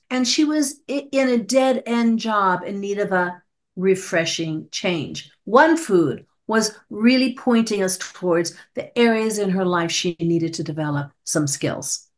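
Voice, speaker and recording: A woman who is a psychologist guest on a podcast interview, telling stories and acting out her clients' lines with animated shifts of voice. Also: mid-range voice.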